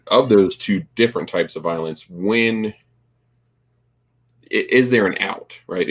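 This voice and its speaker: A man hosting an interview, asking long questions in halting phrases. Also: low-pitched. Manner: halting, searching phrasing with fillers. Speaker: podcast host.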